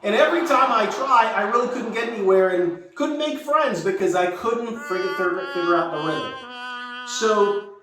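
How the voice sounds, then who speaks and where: Older guy from jamaica rambling through a story, kinda high voice, mic far off, big echo. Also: normal speed. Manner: reflective, rambling with frequent restarts. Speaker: YouTuber. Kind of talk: casual personal storytelling. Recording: very echoey room, distant mic, faint music.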